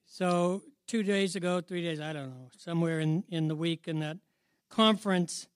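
A middle-aged male preacher with a fairly high voice delivers a sermon as easy storytelling. He keeps turning to his listeners with questions and chuckles at his own anecdotes. The sound is dry and close, with no room echo. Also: moderate pace, clear, resonant tone. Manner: conversational, questions the audience, chuckles at own stories.

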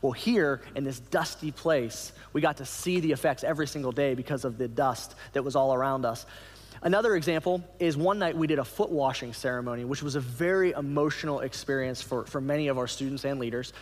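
A man giving a sermon to a church audience, telling stories in an animated way with frequent restarts. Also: mid-range voice, a little fast. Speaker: church speaker. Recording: reverberant hall.

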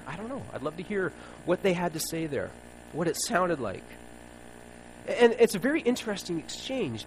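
A male preacher talking through scripture stories in a relaxed, conversational manner. His voice sits a bit high and swings widely as he tells the stories. A faint hum runs underneath. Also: rough recording. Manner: conversational, playful storytelling. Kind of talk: sermon.

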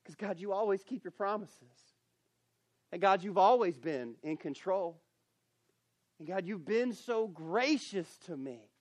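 High-voiced earnest man preaching. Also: lively intonation, a little slow, no room sound. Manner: earnest, building to emphatic preaching; repeats himself, restarts phrases. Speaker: camp speaker. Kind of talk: sermon.

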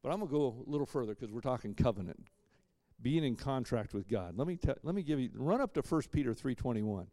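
A man preaching a sermon as pastor, emphatic, swinging between loud punches and quiet asides, with dry joking asides. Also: medium pitch, lively intonation, fast talker, no room sound.

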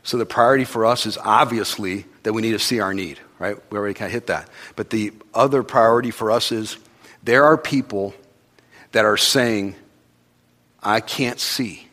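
A man preaching a sermon in a conversational way, rising to loud urgent passages and dropping to quiet intimate ones. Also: on the low side, fairly quick.

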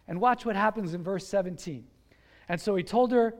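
A man's voice: high voice, moderate pace, in a large hall. A man preaching a sermon in a conversational, earnest way, telling a scripture story and urging the congregation. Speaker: pastor.

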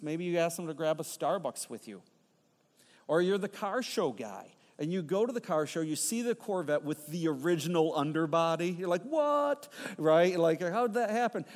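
A man's voice: high-pitched, darkish tone. A middle-aged man preaching a sermon, telling a story with playful asides to his congregation. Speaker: pastor. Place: church sanctuary. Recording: long hall reverb.

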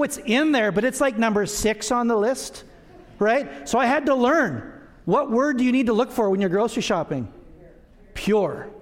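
A man in middle age delivers a sermon in a relaxed, conversational way, trading gravity for jokes at his own expense. His voice sits high for a man. The church sanctuary around him adds a long, lingering reverb. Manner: conversational, self-deprecating humor. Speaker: pastor.

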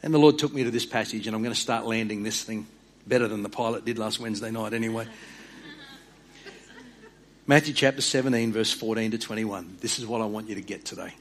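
An earnest man preaching a sermon, repeating and restarting words and dropping quiet for emphasis. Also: on the low side, fairly even intonation, fairly quick, slight background noise. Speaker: pastor.

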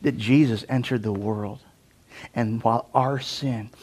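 A man's voice: medium pitch, a little slow, slightly rough. A man preaching a casual sermon, talking conversationally with many fillers and questions to the audience. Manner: animated, conversational, lots of "like", asks the audience questions. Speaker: pastor.

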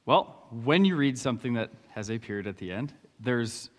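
A man's voice: mid-range voice, expressive, moderate pace. A man on stage in a church, talking in a casual, hesitant way with repeated words and jokes. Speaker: church co-leader, former teacher. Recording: long reverb of a church hall.

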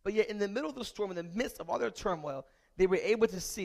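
A man preaching as a pastor, moving from a relaxed story to loud, repeated calls to the congregation. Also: high-pitched, fast talker, creaky. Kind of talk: sermon.

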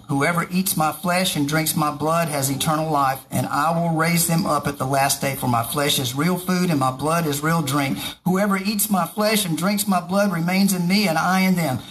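A man's voice: on the high side, moderate pace, hardly any pauses, fairly bright tone, slight background noise, low-quality recording. A man reading a Bible passage aloud and breaking off for informal, joking commentary. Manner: reads scripture aloud and breaks off for joking asides. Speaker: preacher.

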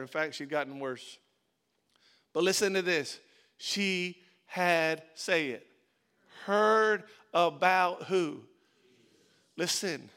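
High bright-voiced preaching pastor. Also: male voice. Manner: preaching with rising emphasis, repeating phrases. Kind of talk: sermon.

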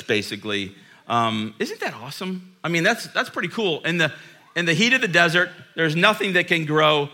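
Pastor guy preaching in church, super bright voice, chatty and jokey then quiet and earnest. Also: mid-range voice. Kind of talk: sermon.

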